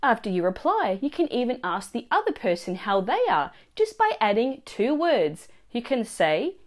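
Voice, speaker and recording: A woman teaching a language lesson, explaining phrases and their pronunciation clearly and slowly. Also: a little high, big pitch swings. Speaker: Italian teacher.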